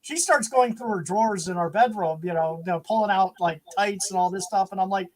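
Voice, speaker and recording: Animated storytelling man, high voice. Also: a little fast, a little hiss or hum, rough recording. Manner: animated storyteller who acts out quoted voices. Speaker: podcast guest, former wrestling announcer. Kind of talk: casual storytelling chat.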